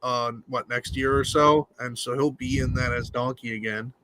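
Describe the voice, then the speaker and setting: A man from Pennsylvania, a guest actor chatting casually on a live stream, telling stories and tossing in quick quoted voices. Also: mid-range voice, steady tone, bright, forceful tone, a little hiss or hum.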